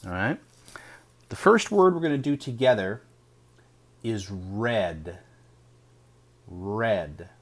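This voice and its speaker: A man teaching a phonics lesson, sounding out each word slowly and deliberately. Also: on the low side, expressive. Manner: slow, deliberate sounding out of words.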